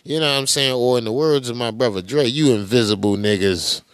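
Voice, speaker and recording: A man's voice: mid-range voice, fast, a bit bright, clear, resonant tone, dry recording. Profane, heated male podcast host. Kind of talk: casual commentary.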